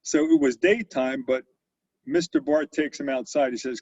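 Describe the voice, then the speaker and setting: The speaker, a man in his sixties who runs a company, recounts stories during an interview with frequent fillers and false starts. His mid-range voice is a little mellow and moves at a moderate pace, and the recording is dry, dull and lo-fi.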